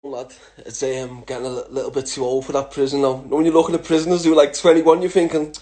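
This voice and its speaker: A man's voice: medium pitch, level tone, fast, warm tone. A man in his thirties with a Liverpool accent, answering follower questions in a blunt, laughing, heavily swearing chat. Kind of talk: casual Q&A chat.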